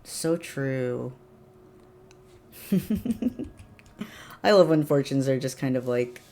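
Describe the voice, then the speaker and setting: A woman livestreaming, chatting casually with viewers, laughing often and breaking into excited bursts. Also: extremely low pitch, slow pace, pauses often. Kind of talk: casual live-stream chat.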